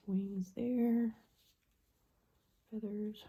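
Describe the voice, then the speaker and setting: A woman reading tarot cards for her viewers in a low, mellow voice. She takes her time, musing aloud and often drifting into soft murmurs. Her pitch sits on the low side. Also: takes it slowly. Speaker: tarot card reader. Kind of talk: pick-a-card tarot reading.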